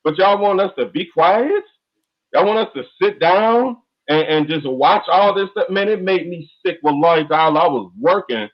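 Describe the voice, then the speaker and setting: A man's voice: high voice, animated, moderate pace. A man speaking on an online call, ranting with fiery, repetitive, emphatic outbursts. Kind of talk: impassioned call-in talk. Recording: dull lo-fi online call audio.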